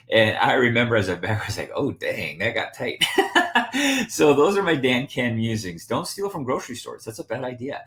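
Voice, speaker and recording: A man hosting a podcast, telling a casual story with lots of laughing and acted-out quotes. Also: lowish voice. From United States. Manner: animated, laughing, acts out quoted voices. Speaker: podcast host. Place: Spokane, Washington.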